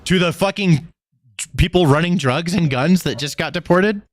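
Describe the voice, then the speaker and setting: A man's voice: on the high side, moderate pace, no echo. A man hosting a live stream, giving a profane, sarcastic, exasperated commentary rant. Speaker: streamer host.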